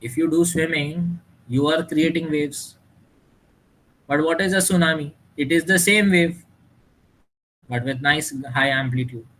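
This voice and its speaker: Animated male teacher. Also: a little high, a little slow, long pauses, poor audio. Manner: animated, mixes English with Hindi, asks students questions. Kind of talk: classroom lecture.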